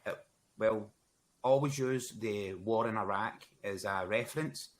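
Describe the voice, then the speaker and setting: A man's voice: lowish voice, unhurried. A man, a podcast guest telling stories in laid-back casual chat. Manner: laid-back storyteller, says "bro" and "hell yeah".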